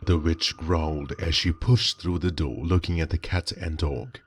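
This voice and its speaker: A man reading a scripted horror story in a measured, dramatic way. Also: very deep voice, fairly even intonation, a little hiss or hum.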